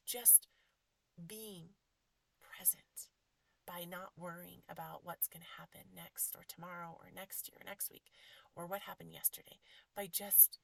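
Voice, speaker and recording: A woman's voice: lowish voice, fairly even intonation, a little slow, vocal fry, a bit bright. A woman in her thirties hosting a podcast, giving heartfelt spiritual chat full of "like" fillers and often dropping to a whisper. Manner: emotional, gushing, lots of "like" fillers, drops to whispers. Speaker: podcast host. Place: home closet.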